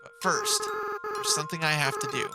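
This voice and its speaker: A tearful young goat monster boy, put on by a woman streamer reading game lines aloud. The voice jumps way up into a high, fragile register and swings widely in pitch. Loud game music plays right behind the soft, emotional delivery. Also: huge pitch swings, a little fast, full character voice. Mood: remorseful.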